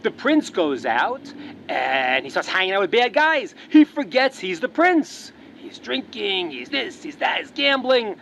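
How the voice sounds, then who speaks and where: A rabbi teaching a religious lesson, telling a parable as an animated storyteller who repeats words as he restarts. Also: high voice, unhurried, creaky, a little hiss or hum.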